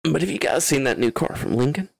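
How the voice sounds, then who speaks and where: A man doing an impression of a laid-back Texan movie star as president, with a slow, lazy put-on Texan drawl. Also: on the high side, lively intonation, creaky, heavy background noise, pitched above the performer's own voice. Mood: smooth, relaxed.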